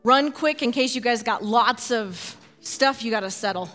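A woman's voice: fairly high pitch, a bit bright, soft background music. A woman pastor exhorting a congregation during communion, emphatic and urging. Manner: emphatic, urging, fast bursts.

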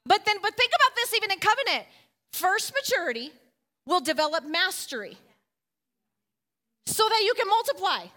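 A woman with a very high, bright voice, talking about faith in a lively, preachy way. She keeps her tone animated and often slips into acting out quoted voices. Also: moderate pace, long pauses. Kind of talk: faith-based casual discussion.

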